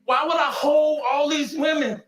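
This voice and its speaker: A man answering in an emotional television interview, pleading and at times shouting. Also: very high-pitched, fairly even intonation, moderate pace, a little hiss or hum.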